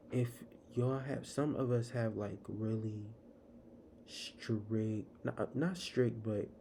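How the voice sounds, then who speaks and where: Young male podcast host, unhurried rambling monologue, slightly low voice. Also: warm tone. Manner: rambling, casual, fillers and restarts. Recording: noisy live stream audio.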